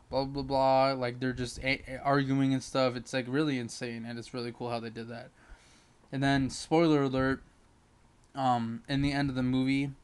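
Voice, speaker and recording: A man's voice: medium pitch, clear, resonant tone. A man giving a casual spoken movie review, rambling through the plot with lots of fillers. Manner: rambling retelling full of fillers.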